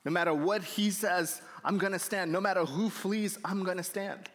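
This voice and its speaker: A man's voice: fairly high pitch, expressive, measured pace, in a large hall. A man playing Peter as a proud, stubborn follower, speaking in a boastful, defiant way.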